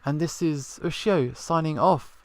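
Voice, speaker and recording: A man's voice: on the high side, measured pace, no echo. A man hosting a let's play, giving laid-back, chatty commentary between the game's lines. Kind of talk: gameplay commentary.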